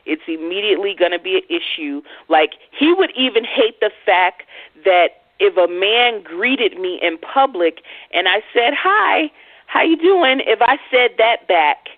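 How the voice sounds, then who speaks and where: A woman host telling a personal story in a blunt, profane, animated way on a casual radio chat. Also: mid-range voice, measured pace, no room sound. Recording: tinny phone-like, dry sound.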